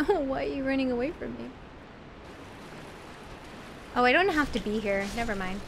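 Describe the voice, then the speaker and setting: Talking to her chat during live gameplay commentary, this streamer shrieks whenever enemies jump out. She has a high-pitched, animated, fairly bright voice with vocal fry, speaks at a normal speed, and a little hiss or hum can be heard.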